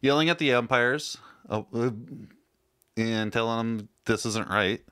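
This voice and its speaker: A man co-hosting a casual sports podcast, starting sentences haltingly and repeating words. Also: mid-range voice, pushed and bright, clear, resonant tone.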